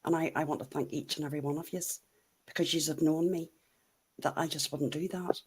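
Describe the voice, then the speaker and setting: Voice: medium pitch, fairly even intonation, brisk, slightly rough. Earnest speaker thanking supporters. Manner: reacts with short interjections, earnest thanks. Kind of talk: casual chat.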